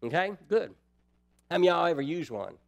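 A man's voice: a little high, big pitch swings, fast talker, creaky. A man preaching a sermon in a folksy way, putting rhetorical questions to the congregation.

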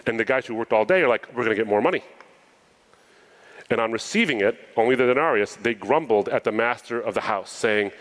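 A man's voice: medium pitch, brisk, low-quality recording. A man preaching a sermon, reading a parable aloud and breaking off into casual asides to explain it. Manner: animated storytelling, reading scripture with asides.

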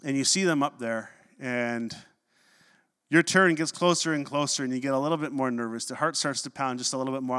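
A man preaching a sermon, telling stories with animated delivery and dropping low and slow for scripture quotes. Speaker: pastor. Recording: long reverb of a hall.

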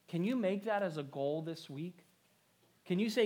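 A man preaching a sermon in an earnest pastoral voice that sits a little high for a man. He swings between raised, emphatic lines and soft, prayerful ones, and he restarts a phrase now and then as he goes. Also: expressive, normal speed.

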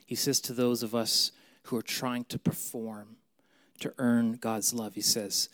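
Man, pastor, sermon, intimate, pleading, repeats key phrases, sudden soft whispers, mid-pitched voice. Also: flat delivery, a little slow.

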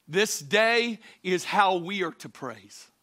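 A man, a pastor preaching a sermon, swinging between shouted exhortation and quieter teaching. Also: sits high, animated, takes it slowly.

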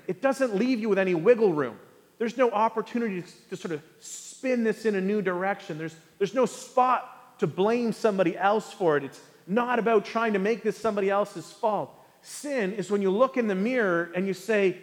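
Man, pastor, high voice, animated sermon, acts out voices, long hall reverb.

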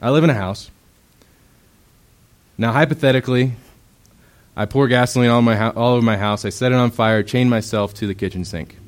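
Here a young man with a medium-pitched voice preaches a little fast, pausing often. It's a casual, chatty sermon loaded with "um"s, and when he quotes people he acts out their voices with bursts of loudness.

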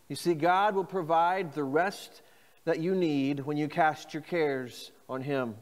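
In a church, a pastor with a voice on the high side preaches a sermon, his words trailing off into a long reverb tail. He reads scripture phrases slowly and invites the congregation to repeat them.

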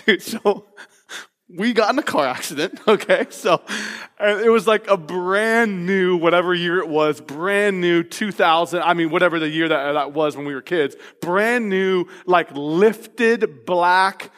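A male pastor preaching a sermon, telling a personal story in an animated, laughing, casual way before moving into scripture. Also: high-pitched, a little slow. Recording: long reverb of a large hall.

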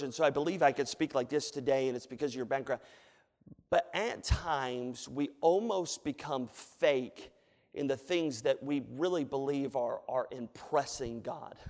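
A man in his thirties preaching a sermon in a church, with an emphatic, repetitive cadence and relaxed asides. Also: fairly high pitch. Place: church sanctuary. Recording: long reverb of a church hall.

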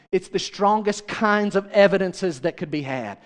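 A man's voice: fairly high pitch, a little fast, hardly any pauses, long reverb tail. A male pastor preaching a sermon, chatty and direct, often turning to the congregation with questions.

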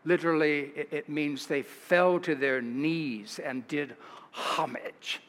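A man with an American accent preaching a sermon, an animated, chuckling storyteller who rises for the dramatic moments. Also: a little high, slow. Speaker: pastor. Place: church sanctuary. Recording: livestream in a reverberant church.

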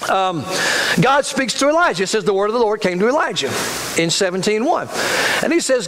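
A man with a very high voice preaches a sermon, repeating his phrases and turning to the congregation with questions. A faint hiss runs under the recording. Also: big pitch swings, normal speed, pauses often, in a large hall. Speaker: pastor.

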